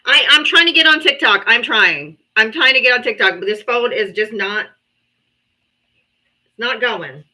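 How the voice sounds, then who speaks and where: Lively exasperated woman livestreaming. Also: a little high, moderate pace, pauses often. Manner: exasperated, laughing, swearing. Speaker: livestream host. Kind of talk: casual livestream chat. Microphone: phone.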